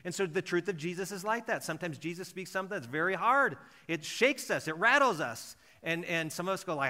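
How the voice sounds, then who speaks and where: With lively intonation and hardly a pause, a male pastor moves briskly through a conversational sermon. He frequently restarts, repeating words, and performs imagined exchanges using softer, lower voices.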